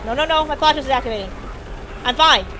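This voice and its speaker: A woman's voice: high-pitched, animated, quick pace, pushed and bright, slight background noise. A woman giving casual, jokey commentary while streaming a video game, talking to the characters on screen. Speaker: gameplay streamer.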